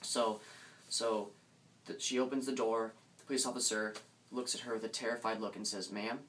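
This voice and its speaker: Young man telling a ghost story haltingly. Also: on the low side, level tone, fairly bright tone. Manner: hesitant, many restarts, suspenseful. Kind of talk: casual spoken ghost story. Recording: distant mic, faint background noise.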